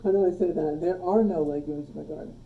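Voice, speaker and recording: A woman teaching a logic class, relaxed, quizzing her students and joking with them, recorded on a phone in a classroom. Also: deep voice, fast, far from the mic, narrow, tinny audio. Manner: relaxed, asks the class questions and jokes. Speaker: logic instructor. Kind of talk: classroom lecture. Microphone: phone streaming the class.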